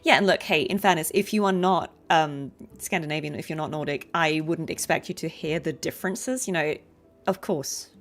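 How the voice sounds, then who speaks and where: A woman's voice: sits low, moderate pace. A British woman, a voice actor chatting casually on a game livestream, laughing often and with many fillers. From Britain. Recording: game music behind.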